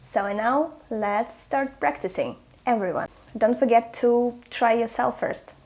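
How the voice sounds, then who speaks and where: A woman's voice: fairly high pitch, darkish tone. Cheerful Russian-accented woman teacher. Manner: playful, encouraging, slow careful pronunciation. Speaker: language teacher. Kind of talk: language lesson to camera.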